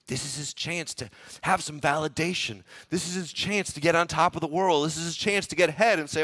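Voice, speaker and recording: A man's voice: fairly high pitch, a little fast, fairly bright tone. A man preaching a sermon as pastor, dramatically acting out the inner thoughts of a biblical figure and asking the congregation to repeat lines back. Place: church.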